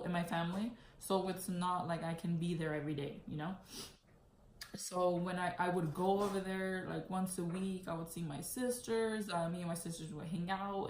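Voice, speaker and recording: A young woman vlogger telling a personal story candidly, with a lot of "like". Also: lowish voice. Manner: candid, heavy use of "like". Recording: echoey room, faint noise.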